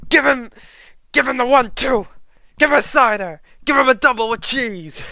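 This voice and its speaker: A man voicing a fight club announcer who yells hyped-up calls at the fighters. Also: extremely high pitch, normal speed, gravelly, dry recording, voice pushed up, full character voice. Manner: hyped, yelling.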